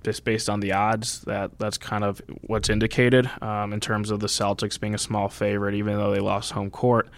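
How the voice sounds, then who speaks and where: A man co-hosting a podcast, giving his views on sports bets in a measured, slightly hesitant way. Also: on the low side, level tone. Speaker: podcast co-host. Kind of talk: casual sports betting chat.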